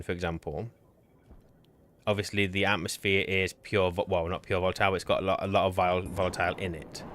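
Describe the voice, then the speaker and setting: A man's voice: low-pitched, sharp tone. A man streaming a co-op game, chatting casually and explaining game mechanics at length with teasing banter. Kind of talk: casual gameplay chat and explaining.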